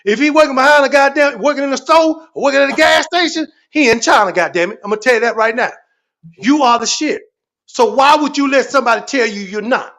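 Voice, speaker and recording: A man's voice: very high-pitched, fast. A man telling stories in a fired-up, profane rant on a livestream, swearing constantly and exaggerating for laughs. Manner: animated, repetitive, swearing constantly, comic exaggeration.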